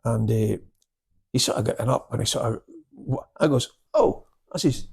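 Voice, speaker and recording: An older man, a karate instructor, casually telling anecdotes and acting out both sides of the dialogue in sudden loud bursts. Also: mid-range voice, moderate pace, creaky, slightly rough. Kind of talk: casual storytelling chat.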